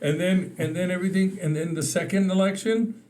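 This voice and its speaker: A man from Texas, a podcast guest, telling lively stories in casual conversation and acting out the people he quotes. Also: high voice, fairly quick, slight background noise. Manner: animated storyteller, acts out quoted phone calls with laughter. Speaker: podcast guest, state representative. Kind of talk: casual storytelling interview.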